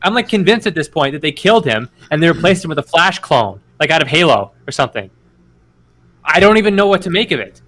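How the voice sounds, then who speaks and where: A man's voice: on the high side, big pitch swings, quick pace, a bit bright. A man co-hosting a podcast in casual political chat, rambling and profane with many restarts. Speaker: podcast co-host.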